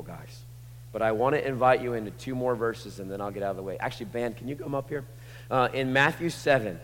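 A man preaching a sermon, moving from hushed, intimate lines to passionate shouting. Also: mid-range voice. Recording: long hall reverb.

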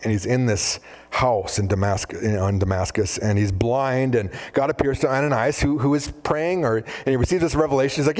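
A man preaching a sermon, animated, often acting out biblical dialogue in different voices. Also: medium pitch, fairly quick, few pauses. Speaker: pastor.

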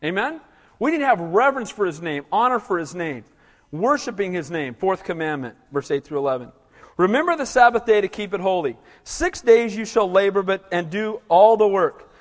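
A man with a notably high voice preaches a sermon with animated, conversational energy, often checking in with his listeners. His voice carries a long reverb, as if in a large church sanctuary. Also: moderate pace. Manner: animated, conversational preaching with frequent "Amen?" calls. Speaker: pastor.

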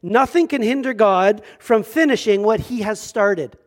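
A man preaching a sermon at a church service. He moves from loud, emphatic scripture reading to quiet, joking asides. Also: high voice, measured pace. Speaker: pastor.

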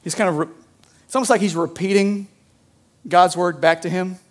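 Male pastor, higher register, relaxed conversational sermon delivery with a church mic. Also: normal speed. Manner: conversational, lots of "like" and "right?".

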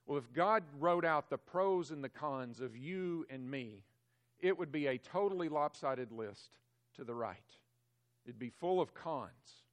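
A male pastor delivering a Sunday sermon in a mid-range voice. He preaches with emphasis, pushing louder on the key words and sinking to a hush elsewhere. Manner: emphatic preaching, swelling louder on key phrases and dropping low on others.

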